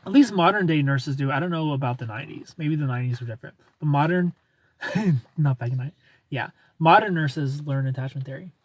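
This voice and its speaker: A man's voice: on the high side, fast, no echo. A man hosting a live stream, chatting casually and joking while he reads and answers viewer comments.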